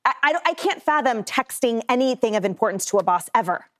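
A woman co-host talks in a quick, chatty run, tossing in laughing asides as she banters with her panel. Her pace stays brisk throughout. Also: fairly high pitch, animated, a bit bright. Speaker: news show co-host.

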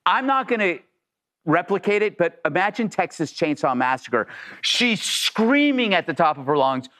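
Animated, high-voiced male host. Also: normal speed. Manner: animated storyteller, reads listener mail. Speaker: show host. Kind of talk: casual chat and anecdote.

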